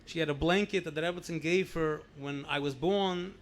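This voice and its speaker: High-voiced man telling family stories. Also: normal speed, slight background noise. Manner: animated anecdotal storytelling, repeats words for emphasis. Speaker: rabbi sharing memories at a gathering. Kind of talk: storytelling speech.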